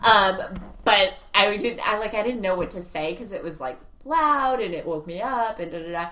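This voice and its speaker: A woman's voice: medium pitch, animated, moderate pace, bright, forceful tone. A woman co-hosting a casual chat, telling candid stories with frequent fillers and laughter.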